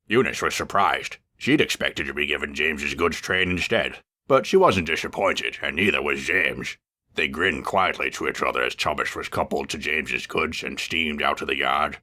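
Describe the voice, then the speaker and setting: A man reading a storybook aloud with lively, expressive narration. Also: a bass voice, moderate pace.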